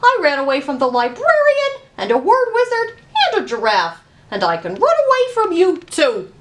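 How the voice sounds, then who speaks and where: A woman voicing a cheeky, boastful gingerbread man who taunts in a high sing-song chant. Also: huge pitch swings, moderate pace, background noise. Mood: taunting.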